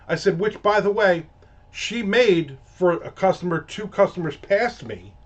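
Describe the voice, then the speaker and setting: The host here is a man whose voice sits high, animated yet unhurried. He delivers a casual, ranting monologue, telling a story profanely and with exasperation, all captured in dull lo-fi audio.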